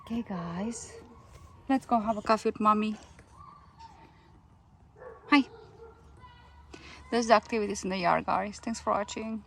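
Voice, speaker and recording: A woman's voice: medium pitch, a little slow, creaky, pauses often, fairly bright tone, slight background noise. A woman vlogging in her garden, coaxing and scolding her cats in casual chat. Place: garden outdoors.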